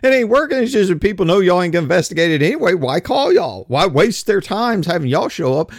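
Lively, ranting man hosting a podcast. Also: sits high, quick pace, dry recording, clean studio sound. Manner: colloquial, animated ranting with slang. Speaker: podcast host. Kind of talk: casual ranting commentary.

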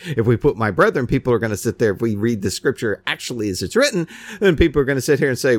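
Animated man preaching a scornful sermon. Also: medium pitch, brisk. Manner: animated, scornful preaching with mocking quoted voices.

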